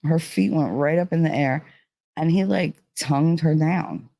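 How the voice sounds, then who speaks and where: A woman's voice: low voice, a little slow, mellow, dry recording. A woman telling a personal story in a casual, rambling way, full of "like" and "you know.". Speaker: vlogger.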